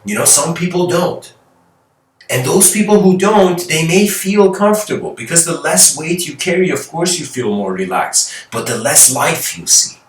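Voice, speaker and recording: A man giving a spiritual lecture by telling a story, rambling and animated, often restarting and adding "like" and "you know". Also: a little high, normal speed, a little hiss or hum. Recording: echoey room, mic at a distance.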